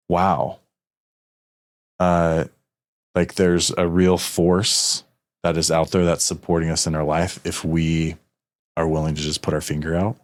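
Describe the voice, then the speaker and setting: Man, podcast host, very low voice, earnest, emotional, casual conversation. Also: darkish tone. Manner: earnest, emotional storytelling with many restarts. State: a little emotional.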